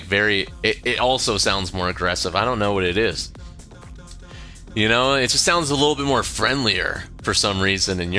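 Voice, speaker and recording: Bright-voiced American man chatting casually. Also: fairly low pitch. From United States. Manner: rambling, swears freely, lots of fillers. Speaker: streamer. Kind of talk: casual stream chat.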